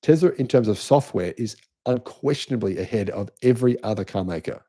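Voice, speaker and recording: Emphatic Australian man, mellow voice. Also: lowish voice, animated, fairly quick. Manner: emphatic, insistent, restarts often. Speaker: channel host. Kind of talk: live-stream commentary answering chat.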